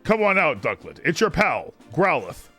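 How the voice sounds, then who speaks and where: A man voicing a loyal, eager male police dog in a game, speaking low and gruff with barks. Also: sing-song, moderate pace, bright, forceful tone, faint music behind, exaggerated voice. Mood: earnest.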